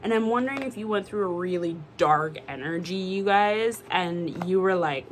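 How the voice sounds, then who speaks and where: A woman doing a casual tarot reading to camera, animated and exclamatory, swearing freely. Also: fairly low pitch, a little fast, slight background noise. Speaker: tarot reader.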